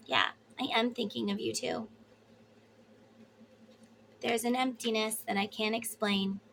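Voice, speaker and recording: A woman reads tarot cards in a chatty, emphatic way, turning to spirit and her viewers as she goes. Her voice sits a little high and sounds bright and forceful. She is blunt at times and swears casually. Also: steady tone, unhurried, creaky, long pauses, a little hiss or hum. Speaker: tarot reader. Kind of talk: casual tarot reading to camera.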